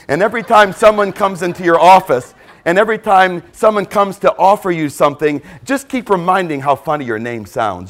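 A man preaching a sermon, emphatic, repeating key phrases and dropping to a quiet stress on points. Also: high voice, a little fast.

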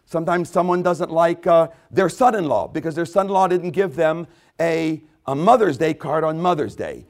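A man's voice: a little high, expressive, moderate pace. A man preaching a sermon with emphatic repetitions, often acting out quoted voices. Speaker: pastor.

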